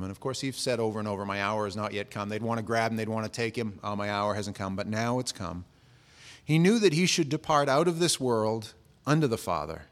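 A middle-aged man preaching a sermon in a conversational, storytelling way, acting out the voices he quotes. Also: fairly low pitch. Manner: conversational, acts out quoted voices, frequent restarts. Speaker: pastor.

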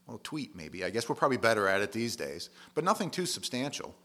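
Plain-talking male preacher, low voice. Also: big pitch swings, quick pace, bright, forceful tone. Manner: conversational, plain-spoken and emphatic. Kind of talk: sermon.

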